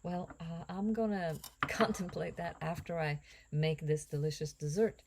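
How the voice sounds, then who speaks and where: A woman chatting casually as she cooks, rambling and musing aloud, with drifting asides and breathy whispered jokes. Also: fairly low pitch, fairly even intonation, unhurried, noisy background. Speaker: home cook and actress. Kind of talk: casual cooking vlog chat.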